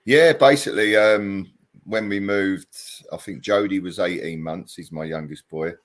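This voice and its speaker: A middle-aged man from England, a former footballer chatting in an interview, hesitant and self-deprecating with many pauses and ums. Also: deep voice. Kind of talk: casual interview chat.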